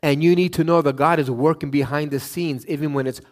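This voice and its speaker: Animated male preacher telling stories. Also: a little fast. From Canada. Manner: animated, acts out quotes with raised pitch, frequent "right?". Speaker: pastor. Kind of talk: sermon with storytelling.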